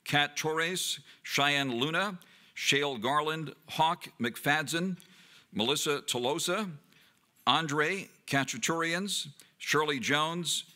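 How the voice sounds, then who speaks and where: A man hosting a university event who reads out names and introductions formally, at a measured pace. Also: a little high, pushed and bright. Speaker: event host. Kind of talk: formal announcing.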